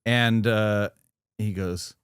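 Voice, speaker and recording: A man's voice: lowish voice, fairly even intonation, extremely slow, fairly bright tone, smooth, no echo, clean studio sound. A man co-hosting a casual movie review chat, enthusiastic and rambling, with lots of fillers and restarts. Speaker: podcast co-host.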